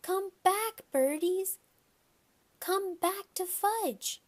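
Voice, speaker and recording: A woman voicing an excitable little boy of about three who loves birds, in a squealing, childish voice. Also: extremely high pitch, drawn-out words, pitched above the performer's own voice, full character voice. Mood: excited calling.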